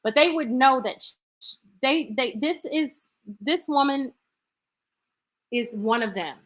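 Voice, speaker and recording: Female live stream host, slightly high voice, casual and playful, rambling commentary. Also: animated, slow pace, fairly bright tone. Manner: chatty, playful, thinks aloud with restarts.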